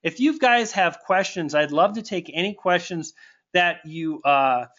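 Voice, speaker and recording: Effusive high-voiced man on a dull stream. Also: a little slow, a bit bright. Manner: effusive and thankful, stumbling restarts. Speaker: online marketing coach. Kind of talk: live webinar Q&A, reading viewer comments.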